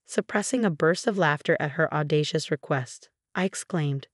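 A woman reads a scripted first-person story in a low, even voice, keeping her delivery measured and unhurried. The audio is dry and close, without echo.

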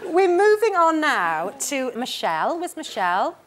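A woman's voice: high voice, very animated, normal speed, heavy background noise. A woman in her forties hosting a talk show, chatting and teasing her guest and studio audience.

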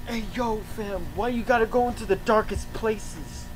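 A man's voice: high voice, normal speed, background noise. A man hosting a reaction video, swearing and exclaiming in fright as he watches. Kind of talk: casual reaction commentary.

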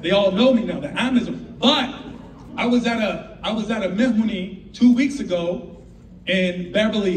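High-voiced male stand-up comedian. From United States. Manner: animated, switching into character voices. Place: live comedy venue with audience. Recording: roomy live sound from a distant mic, audience noise.

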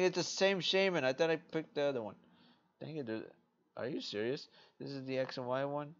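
A sleepy man hosting a casual card game vlog late at night, rambling playfully and talking to himself as he browses. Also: mid-range voice. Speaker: card game video host. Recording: dull lo-fi recording.

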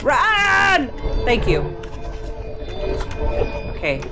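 A woman talks her way through a video game, chattering to herself and breaking into sudden high shrieks. Her pitch leaps up and down constantly, very animated. Clear game music plays underneath her. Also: extremely slow. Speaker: gaming channel host. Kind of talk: live gameplay commentary.

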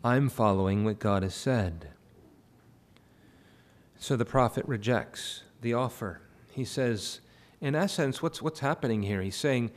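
A male pastor preaching a sermon in a church. He works verse by verse through a Bible passage and rises to impassioned pleading. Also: medium pitch. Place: church sanctuary.

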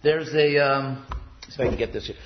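Man, mid-pitched, loose rambling teacher, lots of fillers and restarts; classroom sound, slightly dull and echoey. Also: brisk, slight background noise. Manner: chatty, digressive, many fillers and restarts. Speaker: yoga philosophy teacher. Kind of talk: casual classroom lecture.

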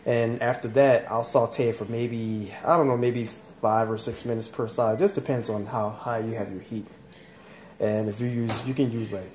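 A man with a Southern US accent, cooking at home in his kitchen and chatting in a rambling, joking way, recorded on a handheld phone. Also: medium pitch. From Southern United States. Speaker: home cook vlogger. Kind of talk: casual cooking vlog. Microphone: handheld phone camera. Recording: loud sizzling pan noise.

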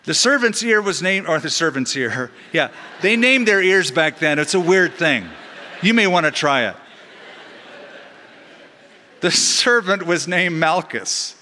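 A middle-aged pastor is preaching a sermon in a large church sanctuary, his voice bright, ringing, and a touch higher than most men's. He keeps a measured pace while teaching animatedly and tossing in jokes along the way. The big hall lends his words a long reverb, and there's slight background noise.

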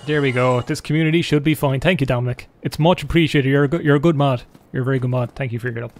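A man's voice: mid-range voice, fast, darkish tone. A young Irish man live-streaming a game alone in his room, joking and rambling to his chat as he plays. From Ireland. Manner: jokey, rambling, talks to chat while playing.

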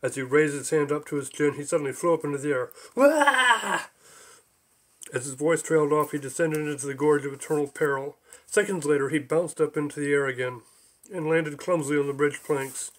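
A man narrating his own book as an audiobook, in an even, measured reading. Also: a little high.

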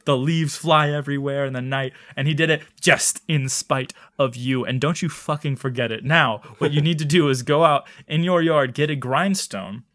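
A man's voice: a little high, normal speed, hardly any pauses, fairly bright tone. A young man co-hosting a comedy advice podcast, reading listener letters and joking around with plenty of swearing. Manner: jokey, reads listener letters, profane. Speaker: podcast co-host.

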